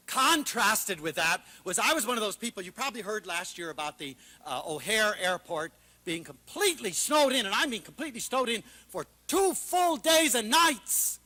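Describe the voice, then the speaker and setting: A man gives a passionate public talk, his bright, ringing voice riding a high, lively pitch that leaps and drops. He swings between loud, excited exclamations and soft, hushed asides as he tells stories, at normal speed with hardly any pauses.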